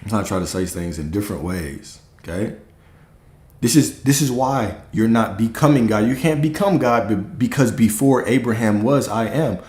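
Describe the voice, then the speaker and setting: A man's voice: lowish voice, moderate pace, a little mellow, roomy sound. A man giving a casual spiritual teaching talk, often checking in with "right?" and "okay?", and swearing now and then.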